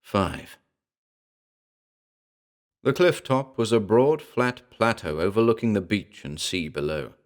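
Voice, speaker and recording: A man's voice: fairly low pitch, expressive, slow, long pauses. A man narrating a pulp horror parody as an audiobook reader, with dramatic, wry storytelling.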